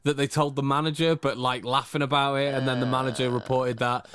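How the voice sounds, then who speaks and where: A man's voice: mid-range voice, little pitch movement, fairly quick, a bit bright, a little hiss or hum. A man co-hosting a podcast, telling a story in a casual, rambling way with fillers. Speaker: podcast co-host. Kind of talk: casual chat, anecdote.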